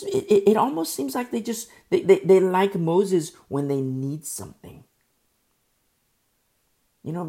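A middle-aged woman teaching a Bible study sermon in an informal, conversational way. She repeats key phrases and stammers when she gets excited. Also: fairly low pitch.

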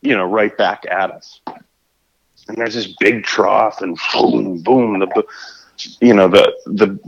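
A man with a lower-pitched voice spins a story in casual conversation, animated and prone to tripping over his own restarts. The recording sounds dull and lo-fi, with the top end rolled off. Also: takes it slowly, gravelly, slightly rough. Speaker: guest telling a fishing story.

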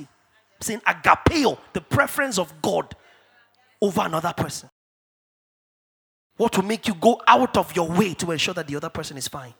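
A middle-aged man from Africa preaching a sermon in church, emphatic and repetitive, dropping to hushed asides and rising to shouted declarations. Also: high-pitched, gravelly, slightly rough. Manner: repeats key phrases for stress. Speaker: pastor.

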